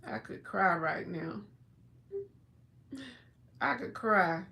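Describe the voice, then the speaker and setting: A woman hosting a casual livestream from home, chatting and reading food labels aloud in a drawn-out way with plenty of fillers. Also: medium pitch, vocal fry, sharp tone. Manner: chatty, slow, drawn-out words, many fillers. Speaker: livestream host.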